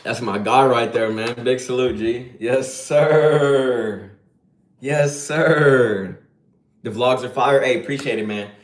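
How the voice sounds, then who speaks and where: A man's voice: mid-range voice, fairly even intonation, slow, roomy sound, a little hiss or hum. A man live streaming, giving a casual, slangy lecture in a preachy and emphatic way.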